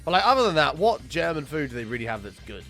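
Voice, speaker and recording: A young man chatting casually with viewers while streaming a game, excitable and swearing freely. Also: fairly high pitch, fast talker, faint music behind. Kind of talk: casual live-stream chat.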